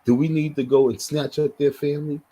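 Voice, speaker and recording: A man's voice: on the high side, steady tone, brisk, mellow, husky, poor audio. A man giving heated, blunt live commentary, repeating himself as he reacts. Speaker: livestream commentator.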